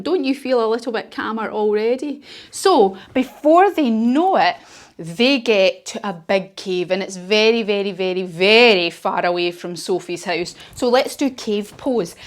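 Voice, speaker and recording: Lady doing kids yoga storytime, playful and encouraging, sing-song. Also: medium pitch. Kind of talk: storytelling yoga lesson for children.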